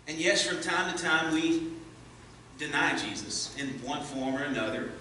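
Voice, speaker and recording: A man preaching a sermon as pastor, earnest, rising as he reads scripture and hushed in prayer, recorded in a church sanctuary. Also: a little high, expressive, normal speed, distant mic, slight background noise. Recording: echoey church from afar.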